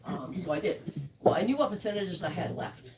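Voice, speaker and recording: A woman's voice: fairly low pitch, expressive, a little fast, far from the mic, heavy background noise. A woman who blends whiskey, chatting through a live tasting and telling stories with quoted asides.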